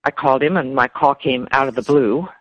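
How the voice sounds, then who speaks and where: A woman speaking as an interview guest, emotional and halting, often repeating words. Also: rumbling low. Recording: dull lo-fi dry sound.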